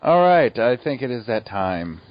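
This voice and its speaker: A man's voice: lowish voice, moderate pace. A man hosting a podcast in casual chat, jokey and playful. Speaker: podcast host. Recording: muffled dry podcast audio.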